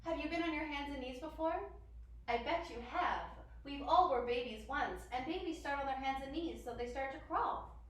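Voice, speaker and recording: A woman's voice: high voice, normal speed. A young woman leading a children's yoga class, bubbly and encouraging, making animal sounds along the way. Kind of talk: guided kids' yoga class. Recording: very echoey room from far off.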